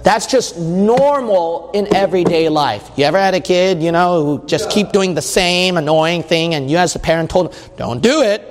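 Male preacher, high voice, emphatic, drawn-out stresses then fast runs, church hall with long reverb. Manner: emphatic, asks the listeners questions; shifts between slow stresses and quick bursts. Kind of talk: sermon.

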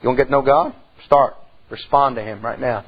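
Husky folksy preacher man. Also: mid-range voice, fairly even intonation, fairly quick, muffled recording. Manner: folksy storytelling preacher, swings from loud to hushed. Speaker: pastor. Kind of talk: sermon. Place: church.

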